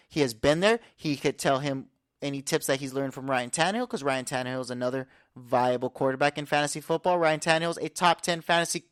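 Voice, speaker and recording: A man hosting a podcast, giving an energetic, confident sports breakdown full of statistics. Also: fairly high pitch, smooth, dry recording, studio quality. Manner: energetic, confident, stat-heavy rundown. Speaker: podcast host. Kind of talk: casual sports analysis talk.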